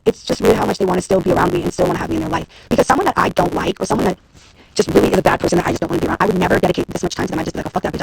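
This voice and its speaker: Fast-talking woman with heavy vocal fry. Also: mid-range voice, low-quality recording. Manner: fast, profane, venting and exasperated. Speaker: reality TV personality and executive producer. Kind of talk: Instagram live rant to viewers.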